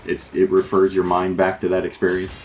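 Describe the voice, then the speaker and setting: A man's voice: low-pitched, completely flat delivery, brisk, a little mellow, a little hiss or hum. A man co-hosting a casual podcast, laughing often and needling his partner. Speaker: podcast co-host.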